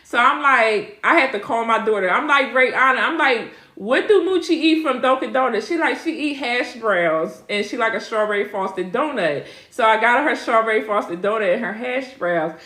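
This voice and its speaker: A middle-aged woman with a slightly high voice chats with her viewers in a casual live Q&A, laughing often and talking straight to them. She answers their questions as a spiritual reader. The room around her gives the voice a noticeable echo. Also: moderate pace, few pauses, pushed and bright.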